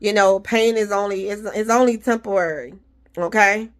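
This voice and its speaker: A woman's voice: medium pitch, fairly even intonation, normal speed. A woman talking casually to her viewers, giving faith-filled encouragement and repeating her reassurances. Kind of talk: casual motivational talk.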